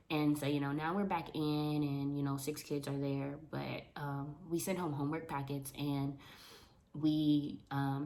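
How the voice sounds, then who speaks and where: A young adult woman chatting casually to the camera in an animated way about her work as a teacher's aide. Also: low voice. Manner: animated, talks with her hands. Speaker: vlogger, school paraprofessional. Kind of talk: casual vlog chat to camera.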